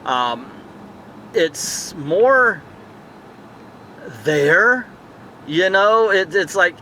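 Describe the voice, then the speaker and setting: Guy rambling thru a movie review outside at night, kinda high voice, faint traffic behind. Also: big pitch swings, very slow, pauses often, pushed and bright. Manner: chatty, digressive, thinks aloud with fillers. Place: outdoors in a town area at night.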